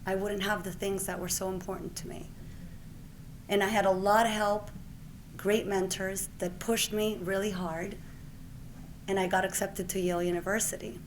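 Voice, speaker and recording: Accepting an award, a woman doctor from Puerto Rico in her forties shares a personal story in her speech, with a little hiss or hum audible. Her mid-range voice moves at normal speed, and she animatedly plays out the conversations she retells.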